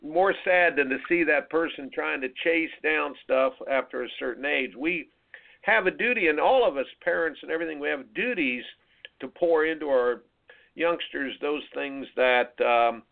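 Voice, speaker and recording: Earnest radio host on a phone line. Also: male voice, fairly high pitch, moderate pace, vocal fry. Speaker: radio show host and tennis coach. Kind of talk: radio interview. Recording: phone-like narrow sound.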